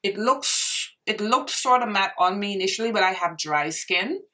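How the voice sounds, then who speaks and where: A woman's voice: medium pitch, lively intonation, normal speed, pushed and bright, recorded from a distance. A young woman reviewing makeup in a casual vlog, gushing and exclaiming to her viewers as if they were friends. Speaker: beauty vlogger.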